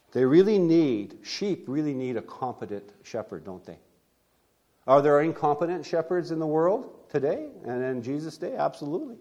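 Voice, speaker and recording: A male pastor delivering a sermon in a conversational way, repeating key phrases, asking rhetorical questions, and swinging from loud emphasis to quiet asides. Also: mid-range voice.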